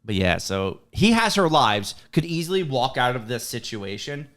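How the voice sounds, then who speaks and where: Animated man recapping a movie. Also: medium pitch, moderate pace, crowd noise. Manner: animated, swearing, acts out characters' lines. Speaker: podcast co-host. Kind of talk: casual chat, recapping a movie.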